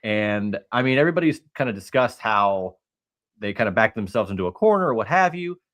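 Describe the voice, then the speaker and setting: A man's voice: lowish voice, expressive, a little fast, a bit bright. Easygoing man hosting a live stream. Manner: easygoing, off-the-cuff questions. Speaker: podcast host. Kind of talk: casual live-stream chat.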